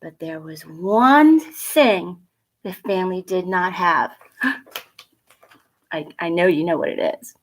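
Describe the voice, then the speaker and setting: A woman from a school reading a picture book aloud to children at home, gentle and expressive, a little nervous, chatting to the kids between pages. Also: on the low side, a little slow. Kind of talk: storybook read-aloud for children.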